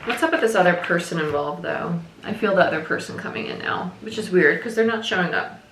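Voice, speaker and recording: A woman with a lower voice talks fairly quickly through a casual tarot reading, gum in her mouth. Chatty and repetitive, she often says "like" and "right?", and the recording is reverberant and very noisy.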